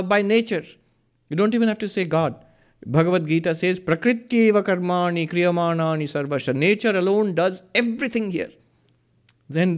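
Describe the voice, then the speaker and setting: A man giving a spiritual discourse, earnest and lively, asking questions and answering them himself. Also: high-pitched. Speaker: Vedanta teacher.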